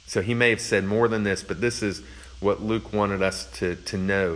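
Brief: male pastor, low voice, earnest explaining tone, casual sermon delivery. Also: moderate pace, a bit bright, low-quality recording. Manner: earnest, thinking aloud, explains verse by verse. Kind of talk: conversational sermon.

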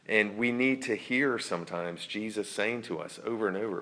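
Deep-voiced man preaching a sermon. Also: moderate pace, few pauses. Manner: earnest, reflective, drops to soft near-whispers for emphasis. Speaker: pastor.

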